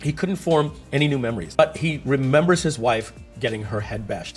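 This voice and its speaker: A man giving a casual screen-share explanation, telling stories and asking rhetorical questions as he goes. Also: mid-range voice. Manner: animated, storytelling, rhetorical questions. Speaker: tech explainer.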